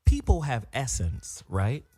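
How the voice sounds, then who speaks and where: A man's voice: medium pitch, slow, slightly rough. Guy hosting a talk show, swears a lot, goes off on tangents, voice all over the place, some music in the back. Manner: animated, profane, riffing on tangents. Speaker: podcast host. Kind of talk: casual chat.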